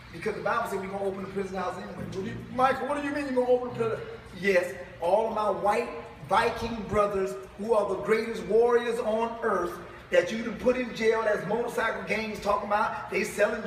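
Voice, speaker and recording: A man's voice: high-pitched, fairly bright tone, a little hiss or hum. A man preaching to a live congregation, emphatic and firing rhetorical questions at the crowd. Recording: echoey hall, far from mic.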